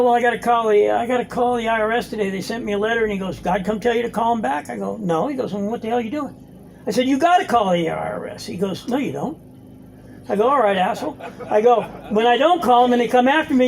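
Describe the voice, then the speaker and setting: Gravelly high-voiced guy telling his recovery story, cussing, faint hiss in the back. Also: darkish tone, rough recording. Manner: blunt, profane storytelling with quoted dialogue. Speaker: recovery meeting speaker. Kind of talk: personal story talk. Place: meeting room.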